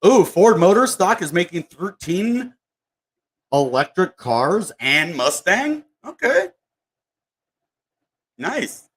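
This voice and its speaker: A man's voice: high-pitched, sing-song, takes it slowly, long pauses, fairly bright tone, slightly rough. A man hosting a crypto channel livestream, rambling in casual chat with lots of fillers and greeting viewers from the chat. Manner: rambling, full of fillers and asides. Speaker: crypto YouTuber.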